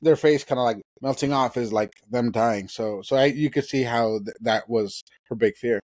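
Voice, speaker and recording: A man's voice: mid-range voice, moderate pace, darkish tone, dry recording. A man co-hosting an anime review podcast in casual chat, stammering and repeating words as he thinks. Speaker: podcast co-host.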